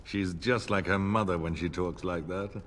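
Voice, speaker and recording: An actor playing an older noble vassal lord in a fantasy game, formal, polite and deferential. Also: male voice, low voice, steady tone, normal speed, close to an everyday voice. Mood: courtly. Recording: game audio with reverb.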